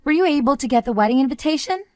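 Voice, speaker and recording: A woman's voice: high-pitched, lively intonation, rapid-fire, warm tone, dry recording. A woman playing a scheming younger sister who taunts with smug cheer, in a narrated story drama.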